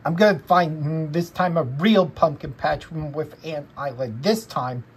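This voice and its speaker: A woman's voice: medium pitch, fairly even intonation, takes it slowly, slightly rough, voice pushed up, low-quality recording. Linus, a cross boy, as a woman puts him on. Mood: stubborn. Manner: angry scolding with many hesitant mm fillers. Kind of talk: amateur fan storytelling.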